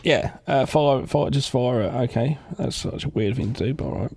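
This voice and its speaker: A man's voice: medium pitch, moderate pace, darkish tone, slightly rough. A man co-hosting a podcast, rambling through film scenes in casual chat, with many restarts. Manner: rambling, full of fillers and restarts. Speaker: podcast co-host.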